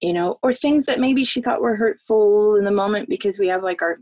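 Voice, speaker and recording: A woman's voice: mid-range voice, darkish tone, dry recording. Heartfelt woman telling a personal story. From American South. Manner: heartfelt, halting, emotional. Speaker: guest. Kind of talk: personal storytelling in a podcast interview.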